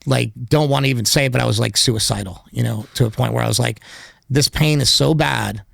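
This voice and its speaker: A man's voice: medium pitch, fairly even intonation, fast talker, creaky, slightly rough, no room sound, clean studio sound. A man speaking as a podcast guest in casual interview talk, candid and rambling, with lots of filler words. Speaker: podcast guest, documentary filmmaker.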